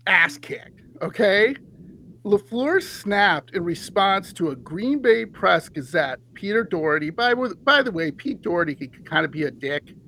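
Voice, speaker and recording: A man hosting a sports podcast, ranting in an animated, heated way and laughing often. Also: high voice, creaky, rough recording. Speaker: podcast host.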